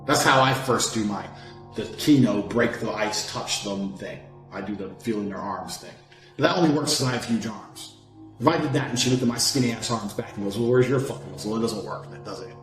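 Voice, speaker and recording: A man in his thirties giving a brash, profane monologue, boasting and swinging from loud outbursts down to low mutters. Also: a little fast. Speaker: self-improvement speaker. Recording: echoey room with faint music.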